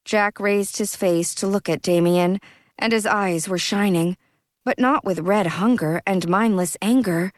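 Measured woman narrator for an audiobook; unhurried, dry studio. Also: mid-range voice, dry recording. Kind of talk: scripted narration.

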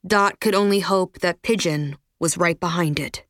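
A woman reading a children's story aloud in an even, measured storytelling voice. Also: fairly low pitch, dry recording, studio quality. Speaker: audiobook narrator. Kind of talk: scripted narration.

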